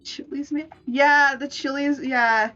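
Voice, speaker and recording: A woman's voice: high-pitched, fairly even intonation, takes it slowly, bright, forceful tone, dull audio, soft background music. A woman streamer in playful, casual live-stream chat, laughing often. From United States.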